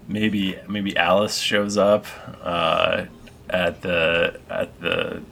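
A man runs a tabletop game, speaking slowly and haltingly with frequent ums. His low voice has a gravelly rasp and a bright, forceful edge. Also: level tone, slight background noise. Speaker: game master.

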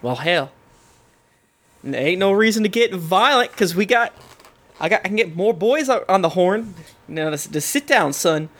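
A man's voice: sits high, animated, normal speed, fairly bright tone, pitched above the performer's own voice. A man doing a blustering country constable. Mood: gruff. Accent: put-on Southern US drawl. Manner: folksy, blustering, with country slang. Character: gruff small-town constable man with a country drawl.

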